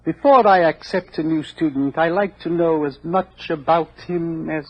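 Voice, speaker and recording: An actor playing a smooth, mocking schoolmaster and poisoner in a 1940s radio play, chuckling slyly. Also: male voice, a little high, moderate pace. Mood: suave. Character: sinister scheming male headmaster poisoner. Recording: dull old radio recording.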